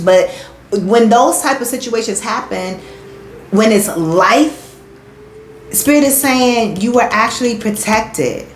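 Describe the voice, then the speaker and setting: A woman rambles casually through a spiritual reading and keeps checking in with her listeners. Her voice sits in the middle of the range. The room is echoey, with a faint hum of noise behind her. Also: medium pitch. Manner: rambling, conversational, addresses viewers as y'all. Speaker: spiritual advisor doing a tarot reading.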